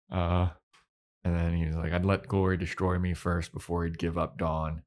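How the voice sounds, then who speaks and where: Brief: deep-voiced male podcast co-host, loose and profane, breaks into quick impressions while recapping. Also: flat delivery, a little mellow. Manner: swearing, acts out characters' lines in loose voices. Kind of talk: casual recap chat.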